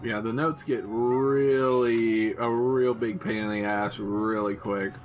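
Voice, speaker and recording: Slow-talking young man playing a game. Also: lowish voice, fairly even intonation, soft background music. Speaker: co-host and player of a game let's-play. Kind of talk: casual gaming commentary.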